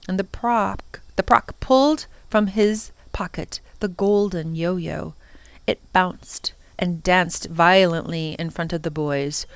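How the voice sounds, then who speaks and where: A woman narrating a children's novel aloud for storytime, gentle and expressive. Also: on the low side, slow, clean tone, no room sound.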